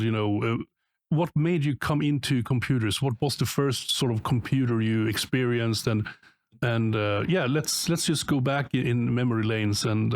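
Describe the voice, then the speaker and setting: A man's voice: mid-range voice, no echo. A man co-hosting a podcast and interviewing a guest in casual chat, hesitant with many filler sounds.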